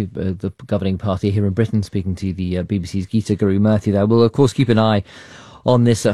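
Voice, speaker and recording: A man presenting the news live, wrapping up an interview quickly with a few fillers. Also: on the low side, mellow, no room sound, studio quality. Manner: quick, lightly hesitant wrap-up with fillers.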